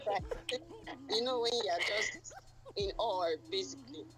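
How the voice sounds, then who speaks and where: A woman, a guest telling a story in a hesitant, halting way. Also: mid-range voice, fairly bright tone. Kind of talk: casual storytelling. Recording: music playing clearly behind.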